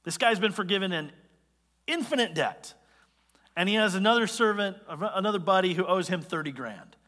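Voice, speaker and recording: A male pastor preaching a sermon, explaining scripture in an animated, conversational way with quick asides. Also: high voice, in a large hall. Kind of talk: expository sermon.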